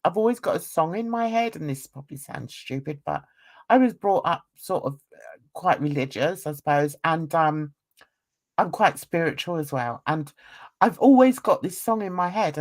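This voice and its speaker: A woman's voice: deep voice, lively intonation, normal speed, darkish tone. A middle-aged English woman, an artist hosting a casual video chat, rambling and laughing often. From England. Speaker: artist and channel host.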